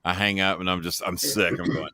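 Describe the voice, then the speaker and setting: A man's voice: sits low, brisk, dry recording, studio quality. A man in his sixties, a podcast guest who tells stories full of swearing and acts out what others said. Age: 60s. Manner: animated storyteller, swears freely, acts out quotes. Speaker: guest, former wrestling manager. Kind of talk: profane storytelling in a podcast chat.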